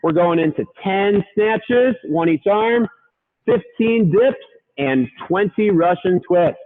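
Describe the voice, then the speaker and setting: A man leads a live workout with a high, bright voice, counting reps and cheering the listener on. He gets winded between rounds. The sound is thin and tinny, like a phone line. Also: lively intonation, takes it slowly. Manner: upbeat, counting reps and urging on. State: out of breath at times. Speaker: fitness coach.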